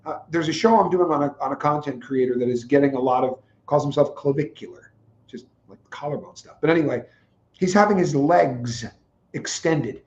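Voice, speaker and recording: A man co-hosting a podcast, laying out his views with confident examples. His voice sits a little high for a man. The recording sounds roomy and echoey, with a dull, lo-fi tone. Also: fairly quick, a little mellow. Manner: opinionated, explains with examples. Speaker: podcast co-host. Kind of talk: casual chat. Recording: echoey, dull lo-fi room audio.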